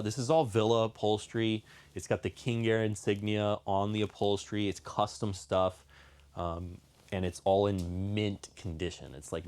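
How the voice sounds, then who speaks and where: A young man presenting a casual, enthusiastic walkthrough tour of a motorhome, chatty and now and then dropping to a soft, low voice. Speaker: RV dealer presenter.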